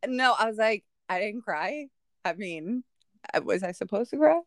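A woman's voice: medium pitch, lively intonation, normal speed, dry recording, clean studio sound. A woman chatting casually as maid of honor, blunt and playful, often laughing. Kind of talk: casual chat.

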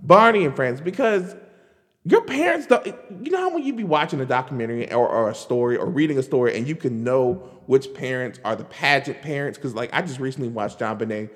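A man hosting a podcast in a casual solo rant, chatty and animated, filling his talk with "like" and "girl". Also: mid-range voice, fairly quick, in a large hall. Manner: animated, chatty, lots of "like" and "girl", laughs while talking. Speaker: podcast host.

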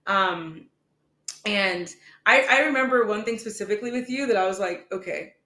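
A young woman co-hosts a relationship podcast, speaking in an earnest, rambling way and leaning heavily on "like". Her voice sits at a middling pitch. The room around her rings with a noticeable echo. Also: normal speed, bright, forceful tone. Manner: earnest, rambling, heavy use of "like". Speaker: podcast co-host. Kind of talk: casual chat. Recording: echoey room.

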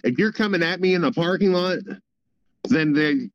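A man who jokes and teases his way through casual banter, swearing freely. His voice is a bit higher than most men's. The sound is dull and dry, as if on a remote mic. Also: moderate pace, no room sound. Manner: joking, teasing, profane.

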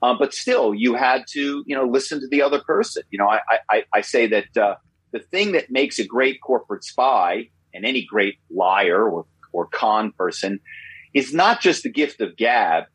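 A man in his fifties speaks as an interview guest, with a husky voice at a middle pitch. He talks in an animated way, repeats words and tags his points with quick questions. The sound is dry and close to the mic. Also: dry recording, rough recording. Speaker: guest, former corporate spy. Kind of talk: interview storytelling.

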